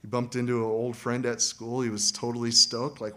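A man preaching a sermon as pastor, animated and acting out quoted voices. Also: mid-range voice, a little fast.

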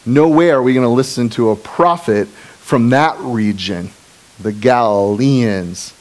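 A man's voice: mid-range voice, unhurried. A male pastor preaching a casual, joking sermon, full of asides and fillers. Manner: animated, jokey, with asides and fillers.

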